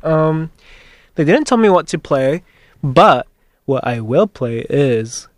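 A man's voice: fairly high pitch, big pitch swings, takes it slowly, no echo. Breathless young man hosting college radio. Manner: chatty, rambling, laughs often. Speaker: fill-in college radio host. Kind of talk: casual radio chat. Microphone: studio microphone with headphones.

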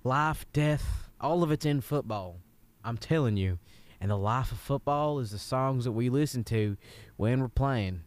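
A man's voice: medium pitch, racing, hardly any pauses, dry recording, lightly acted. A man playing a brash football head coach in an improvised comedy sketch, giving a rambling pep talk with a slipping Southern drawl. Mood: blustering.

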